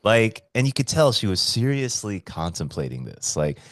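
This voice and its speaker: A man's voice: normal speed, dry recording, clean studio sound. A man co-hosting a casual podcast, telling stories with lots of swearing and acting out quotes. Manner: animated, swears a lot, acts out quotes in a high voice. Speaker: podcast co-host. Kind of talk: casual chat, storytelling. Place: Hawaii.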